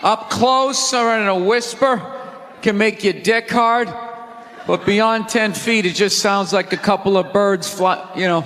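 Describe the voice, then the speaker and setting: Stand-up comic, high-pitched bright tone, profane ranting, theater reverb with crowd. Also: male voice, unhurried, a little hiss or hum. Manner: loud, exasperated, profane ranting. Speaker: stand-up comedian. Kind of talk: live stand-up rant. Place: large theater stage.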